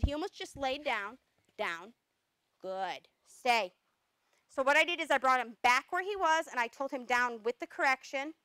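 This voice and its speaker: A woman dog trainer explaining commands step by step, breaking off to give sharp corrective noises and praise. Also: high-pitched, dry recording, poor audio. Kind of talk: instructional demonstration.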